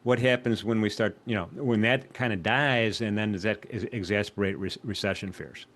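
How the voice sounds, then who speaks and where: A man with a fairly low voice co-hosts a live trading broadcast. He talks loosely and conversationally and often turns to the others with questions. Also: steady tone, fairly quick, fairly bright tone. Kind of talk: live market discussion.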